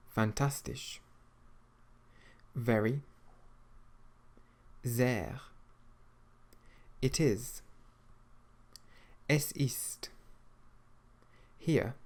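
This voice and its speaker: A man teaching an audio language lesson, patiently repeating each word slowly so learners can practice. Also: medium pitch, a little mellow.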